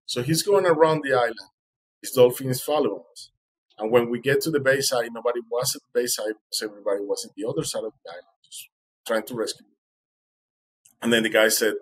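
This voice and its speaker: Husky-voiced male guest, heartfelt storyteller, acts out the quotes. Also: mid-range voice, brisk, low-quality recording. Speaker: interview guest. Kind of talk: emotional first-person storytelling.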